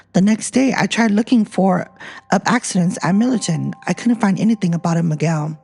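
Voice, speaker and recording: A woman's voice: mid-range voice, vocal fry, warm tone, husky. A woman hosting a podcast, reading listener ghost stories aloud and chatting between them. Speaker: podcast host. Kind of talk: casual storytelling podcast.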